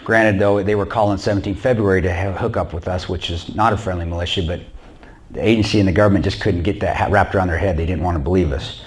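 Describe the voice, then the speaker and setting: A man with a lowish voice telling a story to a church audience. He talks in a lively, animated way, jumping into the voices of the people in his story and breaking into laughter now and then. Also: fast. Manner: animated, acts out quoted dialogue, laughs often. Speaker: guest speaker.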